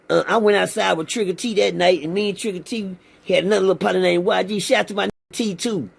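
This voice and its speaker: Man, raspy, husky high voice, streetwise prison storyteller, profane, casual. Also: darkish tone. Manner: blunt and streetwise, acts out the other men's lines. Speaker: former inmate telling prison stories.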